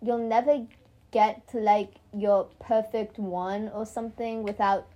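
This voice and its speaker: A teenage girl co-hosting a casual chat podcast, playful and giggly, talking in quick bursts. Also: medium pitch, fairly even intonation, dark tone. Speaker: podcast co-host.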